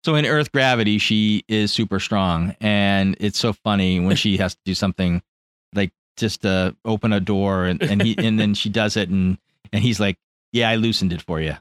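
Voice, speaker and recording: A man co-hosting a podcast in casual chat, animated, chuckling and acting out quotes. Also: lowish voice, normal speed, no room sound. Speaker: podcast co-host.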